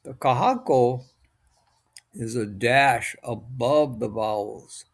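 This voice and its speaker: A man from Hawaii giving a recorded language lesson, slow, deliberate and patient, drawing out each sound. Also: medium pitch. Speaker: language teacher.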